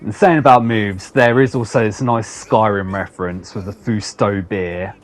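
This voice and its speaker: A man's voice: lowish voice, steady tone, moderate pace, a little hiss or hum. A man hosting a casual game review video with playful, sarcastic commentary. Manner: sarcastic, playful, laughs often. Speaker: gaming video host.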